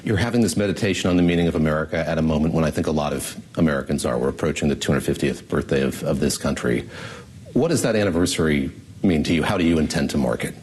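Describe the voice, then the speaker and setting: A man's voice: a bass voice, fast talker, a little mellow, husky. A man reporter, introducing an interview and asking questions eagerly. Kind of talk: interview and studio chat.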